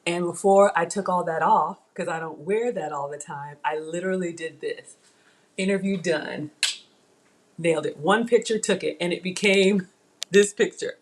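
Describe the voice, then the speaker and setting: A woman's voice: fairly low pitch, moderate pace, noisy background. Chatty woman hosting a live cooking stream. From Africa. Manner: chatty, addresses viewers as y'all. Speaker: cooking channel host. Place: home kitchen.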